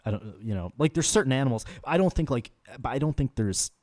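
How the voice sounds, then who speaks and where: A man's voice: medium pitch, expressive, quick pace, darkish tone, dry recording, studio quality. A young man in casual podcast chat, rambling and swearing freely with a joking manner. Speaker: podcast co-host.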